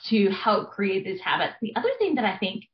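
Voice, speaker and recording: A woman's voice: medium pitch, sing-song, fairly quick. A woman family therapist talks through ideas earnestly, with frequent fillers. Her voice sits in a middle range and has a roomy echo. The recording is dull and lo-fi. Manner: earnest, explanatory, lots of fillers. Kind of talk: conversational interview. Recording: echoey, dull lo-fi sound.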